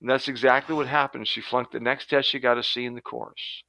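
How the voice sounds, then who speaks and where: Older man, gravelly animated storyteller. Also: mid-range voice, brisk, no echo, low-quality recording. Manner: animated storyteller who acts out quotes. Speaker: guest, retired professor. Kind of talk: storytelling in a podcast interview.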